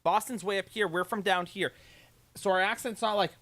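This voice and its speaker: A man's voice: high-pitched, moderate pace, a bit bright. A man with a light Massachusetts accent, rambling through a story in casual chat as a stream co-host, full of "like" and "right?".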